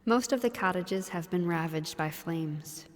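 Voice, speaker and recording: Woman reading game narration, reverberant. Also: fairly low pitch. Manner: even, measured reading, slipping into quick casual chat. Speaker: let's play co-host narrating the game text. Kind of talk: reading game narration aloud with casual asides.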